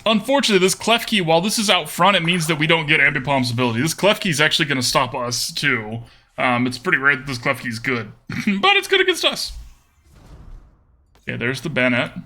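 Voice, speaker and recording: A man's voice: a little high, sing-song, brisk, pushed and bright. A man streaming a card game, thinking aloud about his plays and chatting casually with viewers.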